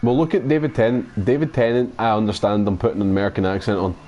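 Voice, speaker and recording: Sweary Scottish man, low-pitched gamer chat. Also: steady tone, fast talker, dark tone, lo-fi sound, a little hiss or hum. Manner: rambling, sweary banter. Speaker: gaming channel host. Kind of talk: casual chat while playing a racing game.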